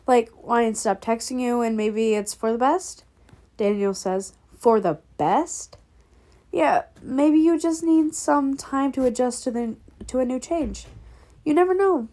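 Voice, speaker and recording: A woman's voice: a little high, darkish tone. A young woman casually reading a fan story aloud, laughing often, swearing and breaking off to react. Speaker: fanfic reader.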